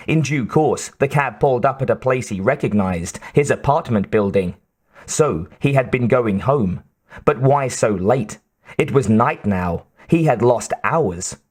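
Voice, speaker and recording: A man's voice: mid-range voice, expressive, measured pace, a little mellow. Man reading an audiobook. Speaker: audiobook narrator. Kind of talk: scripted narration.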